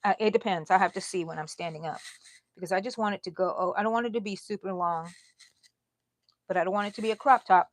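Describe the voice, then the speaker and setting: A middle-aged woman from Texas hosts a casual crochet livestream, speaking at a medium pitch and a quick pace with no echo. She's chatty, laughs often, and drifts into soft asides.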